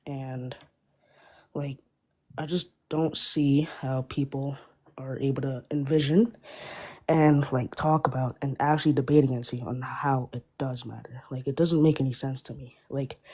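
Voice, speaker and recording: A woman's voice: deep voice, mellow, husky. An eighteen-year-old woman calling in to a live stream, speaking earnestly with lots of "like" fillers. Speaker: caller. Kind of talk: casual call-in chat.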